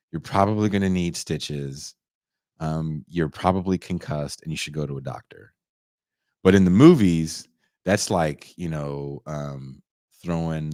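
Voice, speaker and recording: A man in his forties, a podcast host, retelling a movie in casual chat with animated, profane storytelling. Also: low voice, no echo, clean studio sound. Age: 40s. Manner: animated, profane storytelling that acts out quoted lines.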